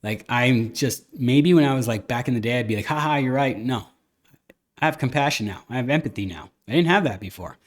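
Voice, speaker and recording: Guy hosting a podcast, just rambling, middle pitch, candid storytelling. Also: a little fast. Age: adult, a father. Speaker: podcast host. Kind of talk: casual chat.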